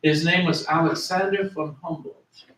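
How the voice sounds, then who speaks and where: A man's voice: a little high, steady tone, normal speed, noisy background. A man giving a history lecture to a class, explaining terms patiently and repeating words and spellings for his listeners. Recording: echoey room, voice from a distance.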